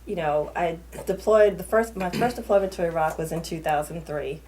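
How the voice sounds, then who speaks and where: A middle-aged woman from New Orleans, a retired Army officer, speaks in a New Orleans accent as a guest on a talk show, in a casual interview. Her lowish, darkish voice moves at a moderate pace as she talks candidly and with animation, laughing often and restarting sentences. There is slight background noise.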